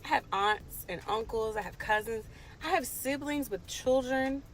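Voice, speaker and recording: A woman's voice: mid-range voice, animated, moderate pace, low-quality recording. A woman in her late twenties from the Washington DC area, telling a personal story to camera in an emphatic, impassioned way. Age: late 20s.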